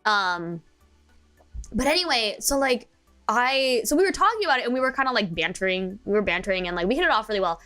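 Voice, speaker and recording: High-pitched girl rambling thru a story, lots of likes and giggles. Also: fairly bright tone. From United States. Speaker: streamer. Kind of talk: casual chat.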